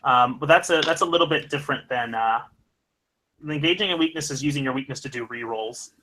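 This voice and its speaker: Bright-voiced man, halting game master. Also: medium pitch. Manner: halting, many fillers and restarts. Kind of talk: casual tabletop game talk.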